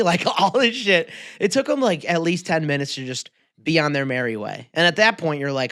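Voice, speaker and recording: A podcast co-host telling a story in casual chat, acting out the people in it with loud bursts. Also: medium pitch, a little fast, no echo, studio quality. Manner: animated storyteller, acting out quotes loudly.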